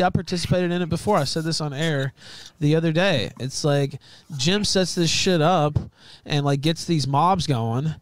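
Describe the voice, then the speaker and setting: A man talking as a guest on a stream, aggrieved and profane, with halting restarts. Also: a little high. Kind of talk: casual stream talk.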